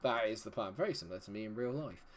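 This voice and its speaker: A man's voice: fairly low pitch, expressive, fast talker. A man live-streaming a game, chatting with his viewers and muttering to himself while he checks settings. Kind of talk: live-stream commentary talking to chat.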